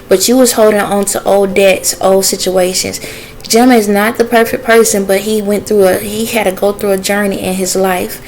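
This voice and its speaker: A woman's voice: medium pitch, steady tone, moderate pace, darkish tone, slight background noise, poor audio. A woman talking casually in a vlog, relaying messages she says come from spirits and stopping to ask them yes-or-no questions. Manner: chatty with frequent fillers and laughter. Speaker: spiritual messenger vlogger.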